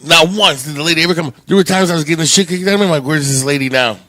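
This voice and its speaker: A man's voice: fairly high pitch, rapid-fire, sharp tone, no echo. Guy rambling thru a story on a podcast, swears a lot, laughs, dry close sound. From Canada. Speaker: podcast co-host. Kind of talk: casual storytelling chat.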